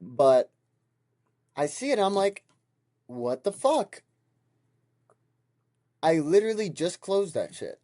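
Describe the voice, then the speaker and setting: A man's voice: a little high, slow pace, pauses often, no echo, studio quality. A young man in his twenties, hosting a podcast and telling a heated, profane story in a casual monologue. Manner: heated, profane, animated retelling. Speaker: podcast host.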